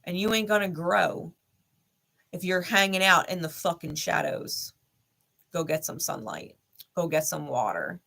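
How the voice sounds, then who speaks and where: A woman talks straight into the camera in a candid vlog, blunt and heavy on the swearing. Her voice is gravelly and bright, and she hammers her points home in short, repeated lines. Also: lowish voice, expressive, measured pace, pauses often. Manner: blunt, heated, swears a lot, speaks straight to the listener. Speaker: tarot reader and channel host. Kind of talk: candid personal vlog monologue.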